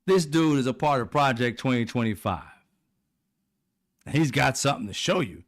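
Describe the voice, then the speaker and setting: Swearing and mocking as he goes, a male political commentator rants animatedly, laughs a lot, and imitates people in high voices. He talks at normal speed with lively intonation.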